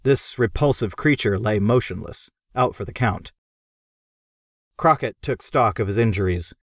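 A man narrating an audiobook in a lively, expressive storytelling manner. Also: fairly low pitch, unhurried, no echo, clean studio sound.

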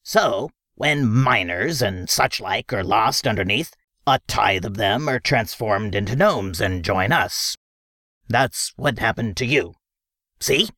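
A man reading an audiobook, voicing a gruff, bossy male gnome guide who snaps impatiently. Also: lowish voice, lively intonation, slow, pushed and bright, no room sound, studio quality, exaggerated voice. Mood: explaining. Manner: snappish, impatient.

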